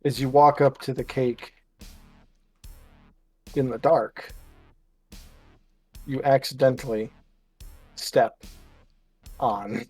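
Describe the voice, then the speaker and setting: A man's voice: medium pitch, steady tone, slow pace, long pauses, dark tone, slightly rough, faint music behind. A man co-hosting a live story stream, reading parts and cracking jokes with a playful manner. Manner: playful, jokey, laughs at own lines. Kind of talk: casual chat and story reading.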